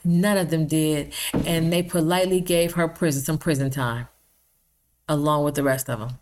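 A woman with a deep, low-pitched voice speaks straight to her vlog audience. She talks in an indignant, emphatic way and drives home her points by repeating them. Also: steady tone, moderate pace, noisy background. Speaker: video blogger. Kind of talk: impassioned vlog commentary.

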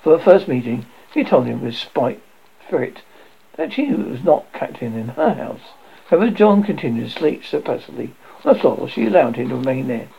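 Gravelly, halting storybook reader. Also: mid-range voice, sing-song. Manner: halting, with slips and restarts. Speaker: audiobook reader. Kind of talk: amateur storybook reading. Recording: dull lo-fi recording.

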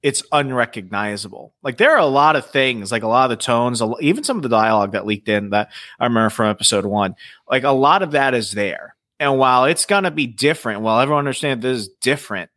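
This is a man co-hosting a podcast in casual chat. His voice is bright and forceful. He talks emphatically and insistently and makes blunt remarks. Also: mid-range voice, lively intonation, fast talker. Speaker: podcast co-host. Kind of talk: casual chat about comics and TV.

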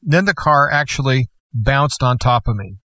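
A man as guest host, slowly and earnestly telling a personal story. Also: medium pitch, animated, sharp tone, no echo. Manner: earnest, slow and measured storytelling. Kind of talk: personal testimony.

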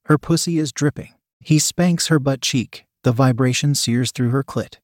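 A man reading a story aloud in steady, even narration. His voice sits in the middle range, with no room sound around it. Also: mid-range voice, moderate pace, dry recording, clean studio sound. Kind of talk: scripted narration.

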